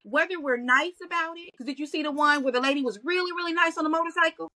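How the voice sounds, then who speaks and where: A woman, a guest in a podcast interview, talking in an animated storytelling way. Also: high-pitched, fast, rough recording. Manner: animated storytelling, acts out quoted voices. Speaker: guest, content creator.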